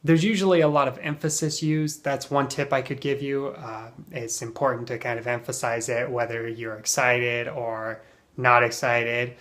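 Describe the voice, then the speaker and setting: Man, English teacher, casual spoken lesson, relaxed, lots of ums, emphatic example phrases, mid-pitched voice. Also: moderate pace. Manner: relaxed, with many ums and uhs.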